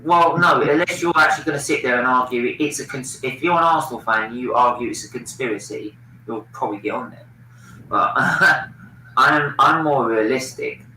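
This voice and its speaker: A man's voice: mid-range voice, normal speed, sharp tone, reverberant, far from the mic, slight background noise, rough recording. A man hosting a football watchalong stream, opinionated and swearing freely in casual chat.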